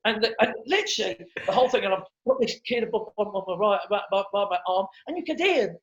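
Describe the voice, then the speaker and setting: A middle-aged man, a comedian, telling stories in a casual interview, animated and quick to repeat words and act out what others said. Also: high voice, slight background noise. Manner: animated storyteller who acts out quotes and repeats words. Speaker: comedian guest. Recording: dull lo-fi sound.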